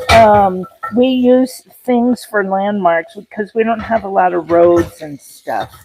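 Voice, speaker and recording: A woman's voice: medium pitch, slow pace, few pauses, a little mellow, rough recording. A woman hosting a casual cooking livestream from her home kitchen, chatty and rambling, full of fillers and talking to her chat. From Rocky Mountains, USA. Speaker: livestream host.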